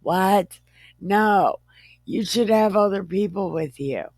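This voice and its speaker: A woman's voice: a little high, big pitch swings, extremely slow, gravelly, darkish tone, no room sound, voice pushed up, heavily acted. A cranky old man barks and scolds in a raised, strained voice, as a woman puts him on. He sounds fed up and exasperated. The sound is dry and close.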